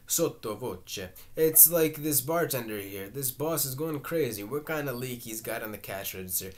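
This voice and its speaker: A man's voice: mid-range voice, expressive, normal speed, close to an everyday voice. A man reading the part of a folksy, eager-to-please male waiter who gossips. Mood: chatty.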